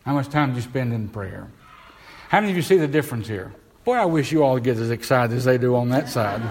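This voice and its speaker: A man's voice: mid-range voice, animated, fairly quick, a little mellow. Man preaching in a reverberant church. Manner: preaching with rhetorical questions, reading scripture aloud. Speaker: pastor. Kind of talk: sermon. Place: church sanctuary. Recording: live church sound with long reverb.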